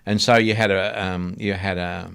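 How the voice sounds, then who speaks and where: An Australian man, middle-aged, telling lively anecdotes in a casual podcast chat, laughing often and acting out voices. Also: low voice, normal speed, gravelly, clear, resonant tone. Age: 40s. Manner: animated storyteller, laughs a lot, acts out voices. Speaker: radio host guest.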